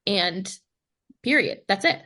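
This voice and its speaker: Animated young woman telling a story. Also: mid-range voice, slow. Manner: animated, acts out quoted voices, frequent "like". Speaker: podcast guest, pro dancer. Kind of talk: casual interview storytelling.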